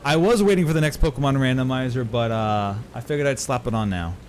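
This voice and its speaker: A man's voice: mid-range voice, fast, darkish tone, a little hiss or hum. A man streaming a video game, chatting casually with his viewers and swearing now and then. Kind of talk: casual gameplay commentary.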